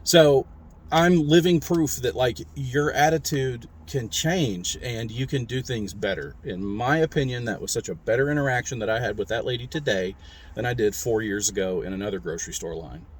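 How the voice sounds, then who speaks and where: A man's voice: medium pitch, moderate pace, slightly rough. A man casually telling a rambling, candid story in his own video diary, recorded on a phone in a vehicle. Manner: rambling, candid, self-described talker. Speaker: mental health vlogger.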